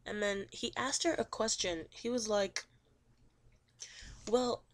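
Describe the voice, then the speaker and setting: A young woman student talks through the plot of a book in a loose, chatty way. She leans on fillers and often lets her voice sink low and quiet at the ends of phrases. Her pitch sits in an ordinary middle range. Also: moderate pace. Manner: chatty, says "he was like" and "um" often. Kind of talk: casual book summary.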